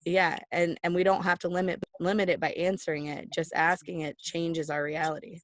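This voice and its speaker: A woman's voice: fairly low pitch, little pitch movement, normal speed. A woman hosting a casual interview over a video call, encouraging and reflective as she talks. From Texas, USA. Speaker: podcast host.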